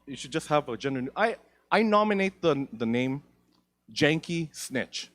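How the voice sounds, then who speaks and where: Profane, rambling young stand-up comic. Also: male voice, a little high, animated, moderate pace, fairly bright tone. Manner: profane, rambling, self-mocking. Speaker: stand-up comedian. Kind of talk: stand-up comedy. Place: theatre stage.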